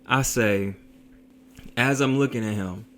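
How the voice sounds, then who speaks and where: A man telling a story in a casual vlog, in a slangy, profane, animated way. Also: mid-range voice, slow pace.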